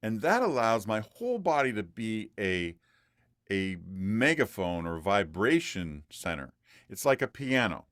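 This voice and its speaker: A man's voice: lowish voice, very animated, unhurried, fairly bright tone, dry recording, clean studio sound. A man coaching a student through a one-on-one voice lesson, patient and demonstrative, repeating points for emphasis.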